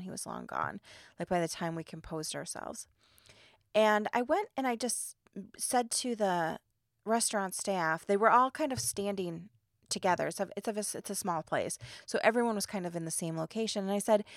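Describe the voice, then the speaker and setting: A middle-aged woman hosting a podcast, retelling everyday run-ins in an animated, exasperated way with lots of fillers. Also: mid-range voice, moderate pace, no room sound, studio quality. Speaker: podcast host. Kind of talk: casual storytelling monologue.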